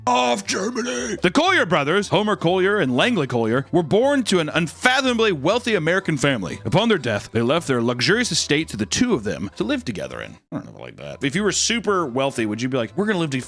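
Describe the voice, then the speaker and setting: A man's voice: on the high side, wildly swooping pitch, fast talker, few pauses, a bit bright, soft background music. A man chatting casually on a live stream while drawing, rambling and joking with crude humor.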